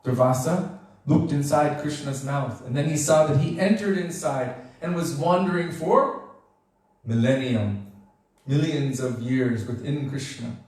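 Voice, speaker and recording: A man giving a devotional storytelling lecture, animated and acting out the characters as he goes. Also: mid-range voice, a little slow. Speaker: devotional speaker. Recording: very echoey room, voice far from mic.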